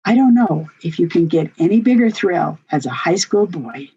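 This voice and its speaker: An older woman with a fairly low, dark, husky voice speaks at a moderate pace but with lively intonation. A grandmother presenting a workshop, she tells a heartfelt family story in earnest. The sound is a dull lo-fi recording.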